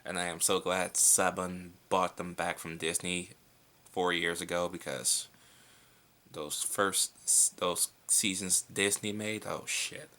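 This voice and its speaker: A man's voice: sits low, fairly even intonation, takes it slowly, pushed and bright. A young man answering viewer questions in a casual vlog at home at night. He is laid-back and blunt, and he swears freely.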